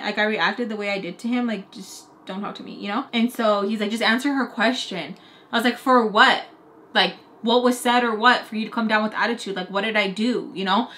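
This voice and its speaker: A woman's voice: mid-range voice, fairly bright tone. A young woman chattily retelling a personal story, acting out both sides of the conversations and using "like" a lot. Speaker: storytime vlogger. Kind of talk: casual storytelling.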